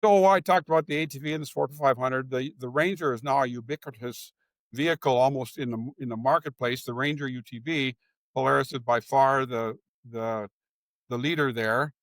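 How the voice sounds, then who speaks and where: A man's voice: medium pitch, normal speed, a bit bright, dry recording. An older man, a former executive, telling stories in a conversational interview, often restarting his sentences. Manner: storytelling with frequent restarts.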